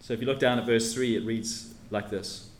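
A man's voice: medium pitch, steady tone, moderate pace. A man preaching an expository sermon, teacherly and emphatic, leaning hard on key words as he sets out his points. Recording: echoey room with faint ambience.

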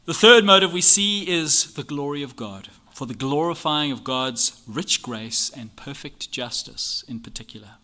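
A bright, forceful male voice leading an expository Bible lesson. He reads passages aloud and drives each point home with a string of earnest rhetorical questions. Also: a little high, lively intonation, moderate pace, few pauses. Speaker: Bible teacher. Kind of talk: expository teaching on a church confession.

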